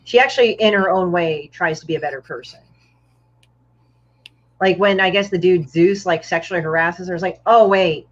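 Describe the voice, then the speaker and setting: A woman's voice: fairly low pitch, normal speed, pauses often, dull audio. A woman guest telling stories in casual chat, blunt and profane, over a video call. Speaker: guest comic artist.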